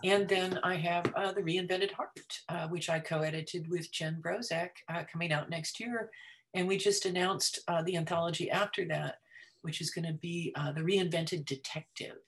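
A woman's voice: fairly low pitch, steady tone, normal speed. A woman, an author and editor, chatting as a podcast guest, trailing off with fillers. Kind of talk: casual podcast chat.

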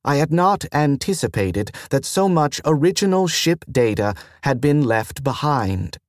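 A steady, formal woman at the helm, reporting in short matter-of-fact phrases, as a man voices her. The delivery is slow and deliberate, recorded dry and close. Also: on the high side, dry recording. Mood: explaining. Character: female ship pilot, steady and formal.

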